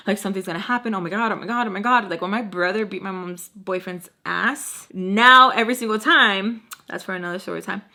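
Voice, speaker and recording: A young woman telling a storytime vlog, animated, acting out quotes with many fillers. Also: mid-range voice. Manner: animated, acts out quotes with lots of "like". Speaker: YouTube storyteller.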